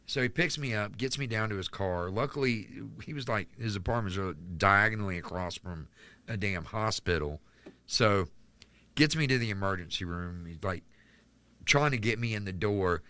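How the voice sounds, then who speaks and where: A man from Charlotte, North Carolina, US, appears as a podcast guest in a casual interview, telling his life story in a rambling, candid way packed with "like." His voice is lowish, pushed, and bright, at a moderate pace.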